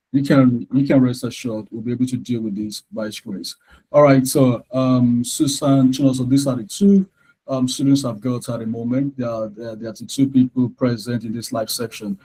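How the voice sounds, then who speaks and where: A man, tutoring English in a live online lesson, explaining slowly and repeating words for emphasis. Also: medium pitch, dark tone, rough recording.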